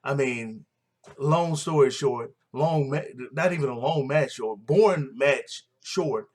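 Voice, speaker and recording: A man's voice: mid-range voice, slow, a little mellow. A man casually recapping a wrestling show, blunt and opinionated, rambling with fillers and restarts.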